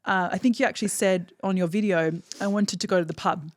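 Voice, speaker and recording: A woman's voice: medium pitch, quick pace, dry recording, studio quality. A woman hosting a podcast, direct and swearing casually as she talks with her guest. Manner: direct, swears casually, animated when quoting. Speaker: podcast host. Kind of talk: interview conversation.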